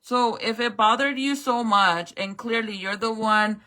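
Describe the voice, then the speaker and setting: A woman's voice: fairly high pitch, steady tone, a little slow, bright, forceful tone. A woman vlogger recounting a story in casual, emotional chat, swearing freely and saying "like" and "bro" a lot. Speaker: makeup vlogger.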